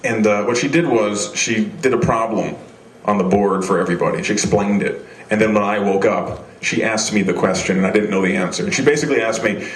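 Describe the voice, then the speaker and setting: A man's voice: fairly low pitch, fairly quick, reverberant. A young man doing a live stand-up set on a small club stage, rambling and self-deprecating, with many restarts. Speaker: stand-up comedian. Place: small comedy venue stage.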